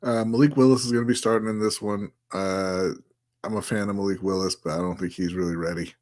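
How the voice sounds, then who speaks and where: A man's voice: on the low side, steady tone, a little fast, darkish tone. A man co-hosting a casual sports podcast, making football picks in a dry, teasing way. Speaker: podcast co-host.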